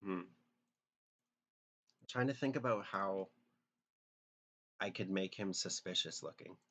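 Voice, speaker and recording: A man's voice: low-pitched, takes it slowly, sharp tone. A man casually chatting with viewers while drawing on a live stream, joking and thinking aloud in a self-deprecating way.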